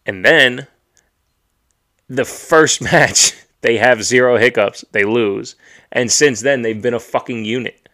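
A man's voice: mid-range voice, bright, forceful tone. A man hosting a casual wrestling podcast, ranting bluntly and swearing freely as he gives his opinions. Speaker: podcast host. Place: home streaming setup.

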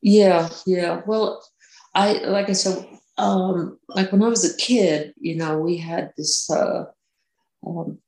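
A woman's voice: fairly low pitch, fairly even intonation, slow, a little mellow. A woman guest recounting personal experiences, hesitant, with many restarts and fillers. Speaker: interview guest. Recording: roomy echo.

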